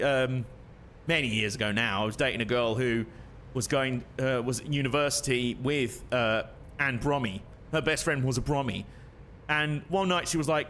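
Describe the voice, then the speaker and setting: A man's voice: medium pitch, bright, forceful tone, slight background noise. A young man casually commentating his own gameplay on a stream, chatty and self-mocking, laughing often.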